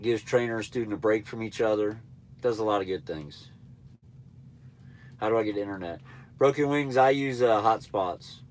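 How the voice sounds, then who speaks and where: A man's voice: lowish voice, moderate pace, pauses often, a little hiss or hum. A man with a nasal, stuffed-up voice chatting casually on a live stream, answering viewers in a laid-back, blunt, rambling way. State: stuffy nose. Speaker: truck driver trainer livestreaming.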